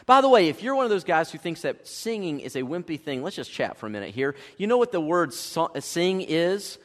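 A man preaching a sermon as pastor, animated and acting out the quoted voices of his listeners. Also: a little high, a little fast, long reverb tail. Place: church sanctuary.

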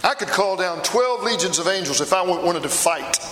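A man's voice: sits high, animated, moderate pace, pushed and bright, slight background noise. A man performing a first-person dramatic monologue as a remorseful apostle, a middle-aged fisherman telling his story with intense feeling. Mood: earnest. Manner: intense storytelling, swells to anguished outbursts. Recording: echoey hall, long reverb.

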